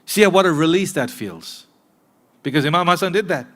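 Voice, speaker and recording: A man preaching a sermon in a mosque, earnest and direct with his listeners, moving between emphatic points and hushed asides. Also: a little high, expressive, moderate pace. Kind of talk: sermon to a live congregation.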